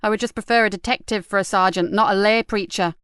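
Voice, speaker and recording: A woman's voice: medium pitch, fairly even intonation, fast talker, a bit bright, clean tone, no room sound, clean studio sound, close to an everyday voice. A woman reading an audiobook, voicing a defiant, hard-drinking female police inspector with a sardonic, bristling manner. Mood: indignant. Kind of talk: audiobook character voice.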